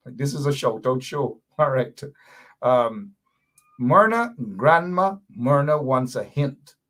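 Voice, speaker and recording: A man's voice: mid-range voice, slow pace, a bit bright. A man hosting a live talk show, playfully teasing viewers as he reads their comments aloud.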